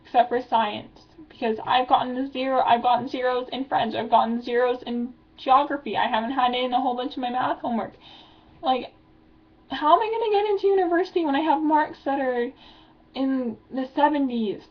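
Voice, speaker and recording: A woman's voice: high voice, brisk, muffled recording. Stressed teenage girl rambling on webcam. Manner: rambling, filler-heavy, anxious venting. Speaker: vlogger. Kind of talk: confessional video diary.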